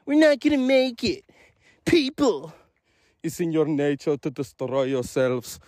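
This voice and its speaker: A man putting on the voice of a gruff male movie cyborg with an Austrian accent, speaking in flat, clipped, ominous lines. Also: a little high, unhurried, dry recording, clean studio sound. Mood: grim.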